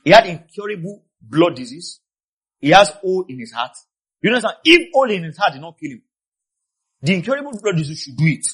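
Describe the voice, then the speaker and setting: A man preaching a sermon with passion. He swings between quiet asides and shouted peaks, and he repeats key phrases for emphasis. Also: sits high, very animated, a little fast, slightly rough. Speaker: pastor.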